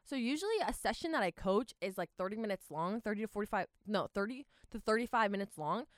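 Chatty young woman vlogger, lively and rambling. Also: medium pitch, fast, no echo, clean studio sound. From Southern California. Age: young adult. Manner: rambling, animated, lots of fillers and restarts. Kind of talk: casual chatty vlog.

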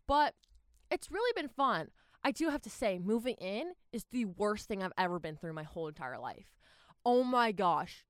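A young woman from Southern California talking casually to her viewers in a rambling, animated vlog with lots of fillers and restarts. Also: on the high side, clear, resonant tone, dry recording, clean studio sound. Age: young adult. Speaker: vlogger.

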